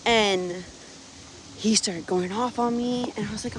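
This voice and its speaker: A young woman vlogger vents frustratedly about her family in a casual monologue, repeatedly tacking on "right?". She records on her phone outdoors on her windy farm, and her medium-pitched, unhurried voice comes through poor audio.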